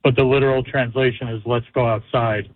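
A man's voice: medium pitch, fairly even intonation, brisk, a little hiss or hum. A man from the United States calling into a radio show, telling a story in a rambling, filler-heavy way. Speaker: caller. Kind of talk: casual phone-in chat. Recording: tinny phone line.

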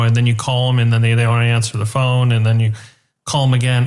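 A man's voice: mid-range voice, little pitch movement, brisk. A man who runs a company, a guest on a radio talk show, chatty and full of fillers, acting out calls with customers. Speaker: company chief executive guest. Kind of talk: radio interview.

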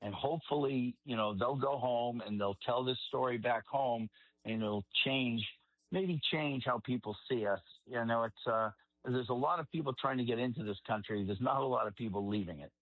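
A man with a Boston accent, a regular radio panelist, speaking in a halting, reflective way with plenty of fillers. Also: mid-range voice, no echo. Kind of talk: phoned-in radio talk. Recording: tinny dry phone line.

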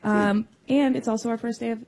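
A woman's voice: on the high side, steady tone, fairly quick, darkish tone. Cheerful woman reading radio birthdays. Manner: cheerful, laughs easily. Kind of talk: casual morning show banter.

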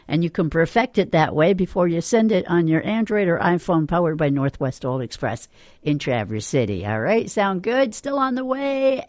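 A man's voice: high-pitched, no echo, studio quality. A male radio host chatting casually between songs and laughing along with callers' jokes. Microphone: studio mic.

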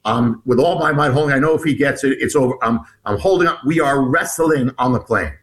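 Halting man telling an intense story. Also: medium pitch, a bit bright, rough recording. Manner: halting, many restarts and repeated words. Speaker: author guest. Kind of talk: recounting a personal story in an interview.

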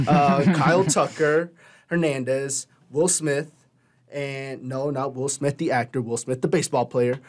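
A man's voice: mid-range voice, fairly even intonation, a little slow. Young man rambling about baseball. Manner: rambling, filler-heavy, self-correcting. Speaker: radio show co-host. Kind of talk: casual sports chat.

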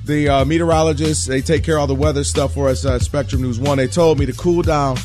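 A man hosting a sports radio show, talking in an animated, sing-song way and laughing often. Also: on the high side, quick pace, soft background music. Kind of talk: casual sports talk. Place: radio studio.

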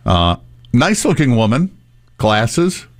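Man, casual co-host storyteller; lively, swooping delivery. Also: medium pitch, slow pace. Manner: animated anecdote teller acting out his own lines.

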